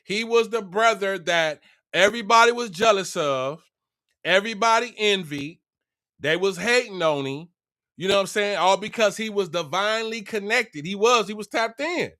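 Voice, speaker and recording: A man retelling a Bible story in a casual, slangy and animated way. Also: high voice, normal speed.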